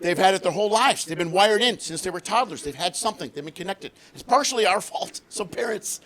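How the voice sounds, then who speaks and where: A middle-aged man doing a stand-up comedy set, telling stories with animated delivery and shouting the punchlines. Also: high voice, fairly quick. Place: live comedy stage. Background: audience laughter.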